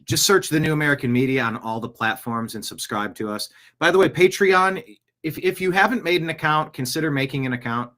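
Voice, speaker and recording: This podcast host is a man whose slightly high, expressive voice moves a little fast, with a bright, forceful tone. He rambles loosely through a casual news show, tossing in jokey asides, restarting himself, and slipping into silly voices.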